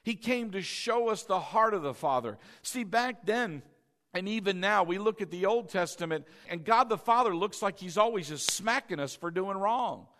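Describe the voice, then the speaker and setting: A man with a high voice delivers a sermon as pastor. He swings from loud, impassioned cries to quiet, tender moments and keeps drawing the congregation in with questions and calls for response. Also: expressive, moderate pace.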